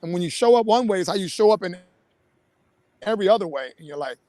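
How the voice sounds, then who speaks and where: High-voiced, enthusiastic man hosting. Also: animated, quick pace, darkish tone, dry recording. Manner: enthusiastic, appreciative. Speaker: host. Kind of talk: live stream interview.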